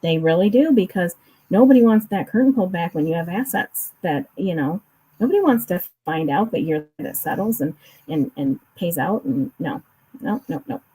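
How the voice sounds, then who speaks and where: A woman's voice: fairly low pitch, lively intonation, normal speed, mellow, slightly rough, rough recording. A woman chatting casually on a remote call, explaining finance at length with frequent restarts and fillers. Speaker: co-host discussing a court case.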